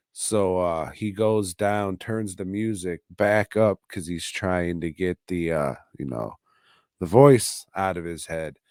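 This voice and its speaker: Speaking from home in a deep voice, a man reviews a TV episode on his podcast, slow and drawling, profane and offhand. The studio-quality audio carries no room sound.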